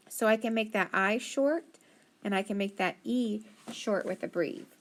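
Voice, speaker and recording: Patient woman teaching phonics slowly. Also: medium pitch. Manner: slow, patient, sounds words out syllable by syllable; encouraging, praises often. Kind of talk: phonics lesson.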